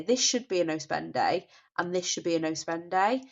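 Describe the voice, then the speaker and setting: A woman's voice: lowish voice, normal speed, hardly any pauses, darkish tone. A woman in her thirties from the North West of England with a Northern English accent, congested from a cold and sounding nasal, chatting casually and apologetically about her spending. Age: 30s. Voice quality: nasal, bunged up. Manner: chatty, apologetic, often restarts and says sorry. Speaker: budgeting vlogger. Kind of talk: casual chat. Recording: dull lo-fi home recording.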